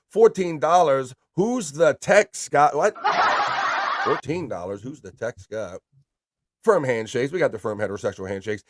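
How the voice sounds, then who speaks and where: A man hosting a casual live stream, reading viewer comments aloud with playful shout-outs. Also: medium pitch, no room sound, clean studio sound. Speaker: livestream host.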